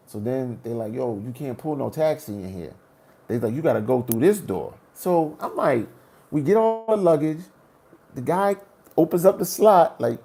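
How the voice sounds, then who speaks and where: Brief: man, gravel in the voice, slangy and animated, recounting a trip for his vlog. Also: a little high, moderate pace. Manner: animated, slangy, acts out his own reactions. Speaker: travel vlogger. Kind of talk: casual storytelling.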